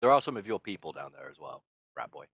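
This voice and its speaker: Guy gm'ing a tabletop game, real deep voice, kinda halting, dull dry mic. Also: big pitch swings, gravelly, no room sound. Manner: hesitant, halting narration. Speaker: game master.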